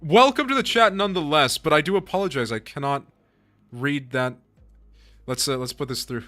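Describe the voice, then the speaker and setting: A man's voice: fairly high pitch, normal speed, sharp tone, no room sound, soft background music. A man live-streaming a game, chatting with his viewers in a casual, profane way, laughing often and apologizing to chat.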